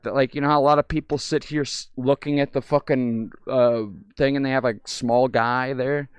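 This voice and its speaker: A man chatting with strangers in a VR game, crude and teasing, swinging from mumbles to shrill giggles and shouts. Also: fairly even intonation, moderate pace, clean tone, no echo. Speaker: VR streamer. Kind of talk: casual VR chat with strangers.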